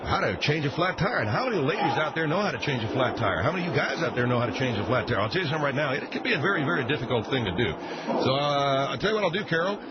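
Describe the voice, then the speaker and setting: A man's voice: mid-range voice, big pitch swings, rapid-fire, close to an everyday voice. Guy doing a rambling redneck car-show host, swings up and down a lot, dull lo-fi audio. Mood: blustering. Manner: folksy, rambling, blustering. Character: folksy bigoted middle-aged mechanic host. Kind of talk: comedy radio sketch. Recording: muffled lo-fi, loud background noise.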